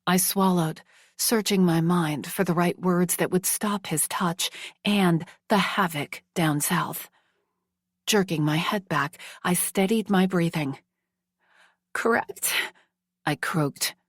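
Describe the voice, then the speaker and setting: A woman narrating a first-person romance audiobook in a slow, hushed, measured reading. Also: lowish voice, dry recording, studio quality.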